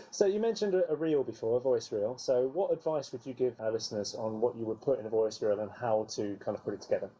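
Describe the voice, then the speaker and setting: Deep dark male host firing quick questions, kinda husky. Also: muffled recording. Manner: brief, encouraging follow-up questions. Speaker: podcast host. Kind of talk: interviewing a guest.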